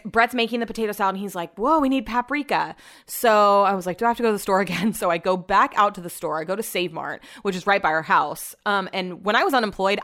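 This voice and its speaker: A woman's voice: medium pitch, smooth. Chatty young woman vlogging. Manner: animated, swears casually, frequent "like". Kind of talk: casual chatty storytelling. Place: home.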